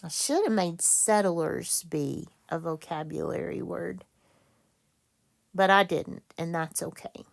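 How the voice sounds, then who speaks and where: Slow, gravelly-voiced woman teacher. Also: on the low side. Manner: slow, patient, self-correcting. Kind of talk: classroom reading lesson.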